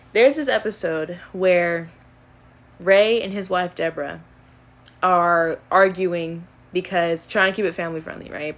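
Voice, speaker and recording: This early-twenties woman has a fairly low-pitched, fairly bright voice. She's answering questions on a live stream, chatting casually and rambling along easily with plenty of fillers.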